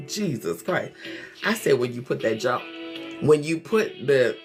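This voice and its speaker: Sassy, animated middle-aged woman host. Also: extremely low pitch, unhurried, soft background music. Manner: animated, sassy storytelling with frequent laughs; talks straight to viewers with endearments like honey and child. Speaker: therapist hosting a live show. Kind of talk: casual livestream chat.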